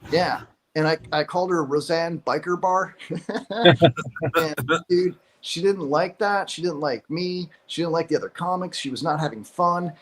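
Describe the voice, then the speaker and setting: A man's voice: on the high side, measured pace, a bit bright, rough recording. A man from Chicago, a comedian guest telling stories casually with lots of fillers and laughs. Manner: laughs often, many fillers. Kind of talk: casual storytelling.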